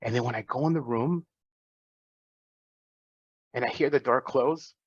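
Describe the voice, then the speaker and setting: A man in his forties speaks earnestly to students, reflecting on his path and often restarting a phrase. His voice sits at an ordinary pitch. The recording is dry and a little dull. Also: unhurried, slightly rough, dry recording. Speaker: physician and guest speaker. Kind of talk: personal talk to students.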